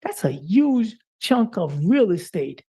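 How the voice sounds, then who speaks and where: A man's voice: sits high, very animated, slow pace, warm tone, breathy edge. A man co-hosting a live-streamed talk show, speaking in an impassioned, preacher-like way with frequent "uh" fillers.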